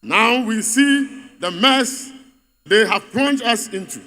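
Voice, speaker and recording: A man's voice: high voice, expressive, takes it slowly, sharp tone. A man giving an emphatic, repetitive political speech at a party congress in a large venue. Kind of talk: rally speech. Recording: reverberant hall.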